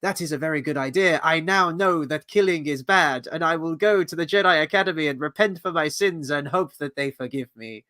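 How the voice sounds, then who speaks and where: A man's voice: fairly high pitch, a little fast, few pauses, pushed and bright, no room sound. A man putting on a cat-alien woman in a fake Russian accent. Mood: mock-solemn. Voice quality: mock pseudo-Russian European accent. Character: hot-tempered female cat-alien Jedi, mock-solemn.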